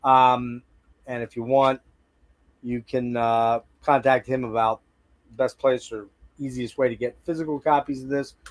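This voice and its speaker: A man's voice: mid-range voice, steady tone, unhurried. A man hosting a casual conversational interview about music, talking loosely and rambling, with many fillers and restarts. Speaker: podcast host.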